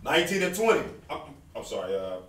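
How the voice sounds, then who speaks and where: A man in a Bible class reading verses aloud in a slow, measured way. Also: a little high, big pitch swings, a bit bright. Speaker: class member reading scripture. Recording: echoey room, mic far off.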